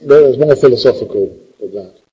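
Husky, mellow-voiced male lecturer, lo-fi. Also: medium pitch, a little fast. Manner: animated, teasing, sarcastic asides. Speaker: literature lecturer. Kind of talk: classroom lecture. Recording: dull lo-fi classroom recording.

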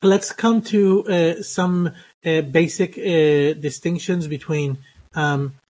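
A man giving a recorded lecture to students, halting often with fillers and restarts. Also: a little high, steady tone, darkish tone, rough recording. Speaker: university lecturer.

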